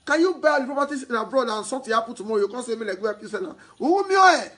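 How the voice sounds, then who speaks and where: A man's voice: extremely high pitch, racing, rough recording. A man with a Nigerian accent talking about real estate to his viewers, mixing Pidgin into his English and repeating himself as he gets worked up. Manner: mixes Pidgin into English, repeats himself, turns loud and excited. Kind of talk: sales broadcast monologue.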